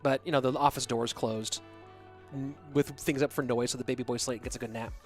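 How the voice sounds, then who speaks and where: A man's voice: medium pitch, fairly even intonation, a little fast, faint music behind. A young man casting an esports tournament alone from his home office, chatting loosely with viewers between games. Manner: chatty, rambling, talks straight to viewers. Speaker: esports caster. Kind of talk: solo live-stream commentary and chat reading.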